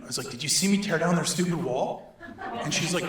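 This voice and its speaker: A middle-aged man from Northern Alberta telling a story to an audience, animated and laughing as he acts out the voices in it. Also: on the high side, fast talker. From Northern Alberta, Canada. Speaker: speaker. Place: synagogue hall. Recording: echoey hall.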